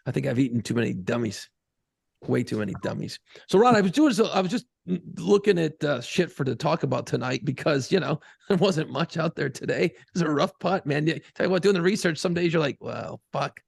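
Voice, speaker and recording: A man's voice: on the high side, expressive, brisk, vocal fry, husky, dry recording. A man from Buffalo, New York, co-hosting a podcast in casual, profane, rambling banter. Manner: profane, rambling, laughs often. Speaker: podcast co-host.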